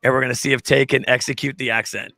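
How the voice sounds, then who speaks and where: A man's voice: mid-range voice, flat delivery, fast, vocal fry, bright, forceful tone. A man hosting a casual live show, joking around with his co-host and reading viewer comments. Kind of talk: casual live-stream chat.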